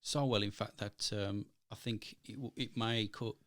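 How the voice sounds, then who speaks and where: A man with a fairly low voice co-hosts a casual movie review. He rambles, restarts sentences and leans on ums as he gathers his thoughts. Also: steady tone, moderate pace, a bit bright, dry recording, studio quality. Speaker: film review co-host. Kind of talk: casual film review chat.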